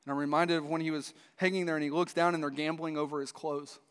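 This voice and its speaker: A man's voice: a little high, fairly even intonation, quick pace, fairly bright tone, clean tone. A man preaching a sermon to a church, telling a story with frequent restarts. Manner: storytelling with many restarts, voices the dialogue. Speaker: pastor. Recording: long hall reverb.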